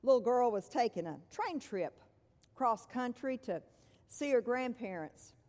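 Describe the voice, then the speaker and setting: Woman preacher, sermon delivery, slow and measured with hushed emphasis; long hall reverb. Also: a little high, animated. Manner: measured, dropping to soft hushed tones for emphasis.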